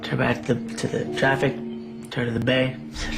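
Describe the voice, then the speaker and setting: A man's voice: mid-range voice, flat delivery, fairly quick, gravelly, low-quality recording. Man telling his story, plain talk, music playing under him. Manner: plainspoken, matter-of-fact about a painful story. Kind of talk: personal storytelling.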